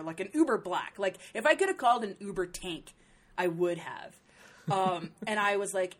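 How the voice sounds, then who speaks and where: Middle-aged woman telling a story, swears a lot, goes up high doing other people's lines, regular mid pitch. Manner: animated, profane, acts out quotes in a higher voice. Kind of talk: casual storytelling.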